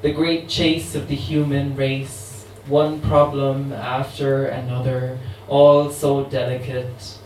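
Man voicing an immortal voodoo queen, sassy and tired of the centuries; unhurried, heard from a distance. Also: mid-range voice, little pitch movement, a little mellow, close to an everyday voice. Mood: wry. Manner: sassy, wry monologue delivery. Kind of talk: dramatic poetry reading. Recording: roomy, distant mic, faint ambient noise.

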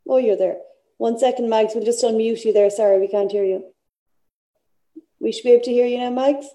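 Dark-toned woman hosting. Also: on the high side, fairly even intonation, brisk. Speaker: open mic host. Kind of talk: hosting an online event. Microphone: video call.

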